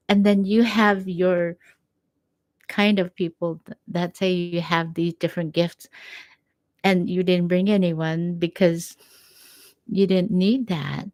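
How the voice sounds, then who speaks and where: A woman giving a gentle, encouraging faith talk at home, quoting scripture as she reflects. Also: on the low side, clean tone, dry recording. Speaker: faith speaker.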